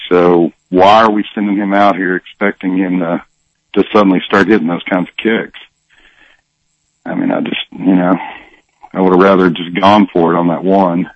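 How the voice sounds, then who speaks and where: A man calling in to a sports radio show, measured and hesitant with many fillers. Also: fairly low pitch, no echo. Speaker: caller. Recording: dull lo-fi phone line.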